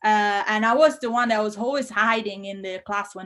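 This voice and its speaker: A woman hosting a live language-learning Q&A, bubbly and effusive with excited bursts. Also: on the high side, normal speed, hardly any pauses. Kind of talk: casual live-stream chat.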